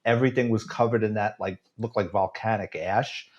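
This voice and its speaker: A man's voice: fairly low pitch, a little fast, dull audio. Sarcastic New York man telling stories. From United States. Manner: sarcastic, animated storyteller. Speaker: retired police detective, guest. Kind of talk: casual storytelling interview.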